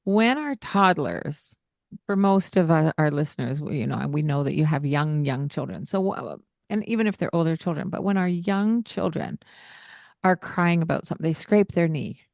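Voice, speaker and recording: Earnest lower-voiced woman podcast host. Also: animated, moderate pace, gravelly, darkish tone, no echo, studio quality. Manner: earnest, coaching tone with frequent fillers. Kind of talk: casual parenting podcast chat.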